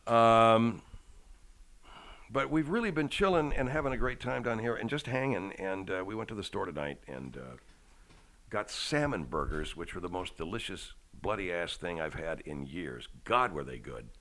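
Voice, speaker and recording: A man's voice: low voice, animated, normal speed, a bit bright. A man hosting a podcast, rambling casually with profane, self-deprecating humor at home. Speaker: podcast host. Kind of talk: casual chat.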